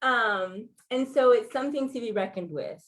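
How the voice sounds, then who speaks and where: Woman in her forties, lively storyteller. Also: a little high, moderate pace. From Los Angeles, California. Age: 40s. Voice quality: sounds like a Valley girl. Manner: conversational, animated storytelling with laughs and acted quotes. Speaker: featured speaker. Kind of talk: personal storytelling talk.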